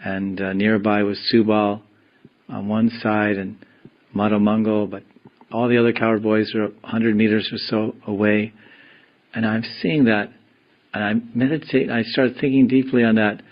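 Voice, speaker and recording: Low-voiced man teaching a devotional class. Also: level tone, lo-fi sound. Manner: slow, meditative storytelling. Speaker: spiritual teacher.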